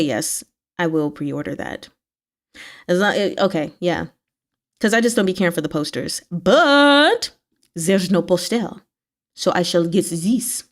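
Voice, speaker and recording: A woman hosting a book club livestream, chatting casually and answering her viewers' comments, with sudden jumps up in pitch. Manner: chatty, animated pitch swings, talks back to chat.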